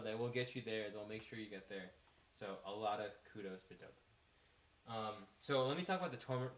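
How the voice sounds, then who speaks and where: Young guy podcasting, lowish voice, rambly and animated, roomy echo. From United States. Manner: rambling, animated, laughs at own story. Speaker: podcast host. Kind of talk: casual storytelling monologue.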